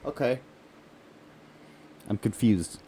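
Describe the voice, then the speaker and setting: A man's voice: medium pitch, lively intonation, slow pace, breathy edge. A man co-hosting a podcast in casual chat, mostly chiming in with short, dry remarks. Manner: quiet, dry interjections. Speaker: podcast co-host.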